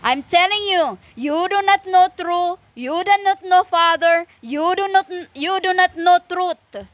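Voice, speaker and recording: Very high, slow, stern preaching woman. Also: no echo. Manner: stern and lecturing, slow with many pauses and fillers. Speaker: self-styled preacher. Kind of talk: impassioned spiritual monologue.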